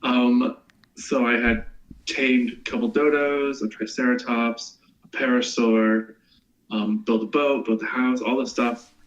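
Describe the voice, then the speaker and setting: A man's voice: mid-range voice, fairly even intonation, unhurried. A young man co-hosting a gaming podcast, recounting a game mishap in a laid-back, dry way in casual chat. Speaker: podcast co-host. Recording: dull lo-fi mic.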